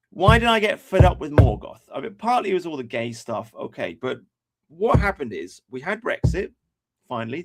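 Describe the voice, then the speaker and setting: A man's voice: fairly high pitch, creaky, a bit bright. An English man ranting on a commentary stream, angry, sweary and incredulous. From England.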